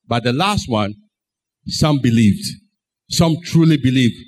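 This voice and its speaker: A male pastor delivers his sermon in a high, ringing voice. He tells the story with great drama and slips into the voices of each character as he goes. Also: unhurried, long pauses.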